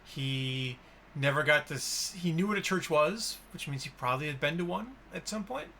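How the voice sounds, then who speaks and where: Bright-voiced man chatting about films. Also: on the high side, normal speed, vocal fry, slight background noise. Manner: enthusiastic, animated retelling with acted-out quotes. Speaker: podcast host. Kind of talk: casual film discussion.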